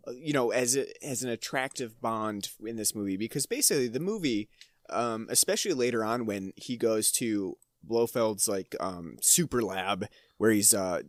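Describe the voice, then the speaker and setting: A man's voice: fairly low pitch, very animated, normal speed, dry recording, clean studio sound. Laughing, rambling male podcast co-host. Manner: rambling, hesitant, laughs often. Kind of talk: casual film discussion.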